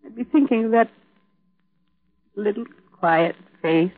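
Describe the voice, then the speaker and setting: An actress playing a young mother numb with grief in a 1950s radio drama, hushed and despairing. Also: mid-range voice, a little slow, no room sound, close to an everyday voice. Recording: tinny old radio broadcast.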